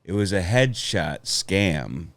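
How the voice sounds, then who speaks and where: A man with a low voice tells long, rambling stories, swearing freely along the way. He speaks in casual podcast chat. The sound is dry and close to the mic. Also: expressive, slow, a bit bright, dry recording. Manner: rambling storytelling, laughs often, swears. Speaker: comedian guest.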